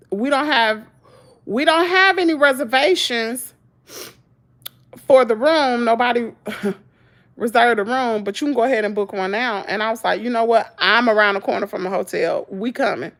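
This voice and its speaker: A Southern American woman vlogger telling a story in casual chat, acting out what people said and laughing often. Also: on the high side. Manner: animated storytelling, acts out quotes, frequent laughter.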